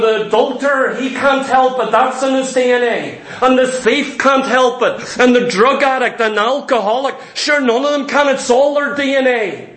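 High-voiced fervent male preacher. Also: a bit bright. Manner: fervent, rhetorical questions, quotes opponents mockingly. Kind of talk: sermon. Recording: echoey room.

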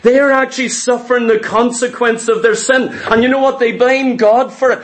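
A man's voice: extremely high pitch, fairly even intonation, a little fast. A man preaching a sermon with an emphatic, repetitive cadence.

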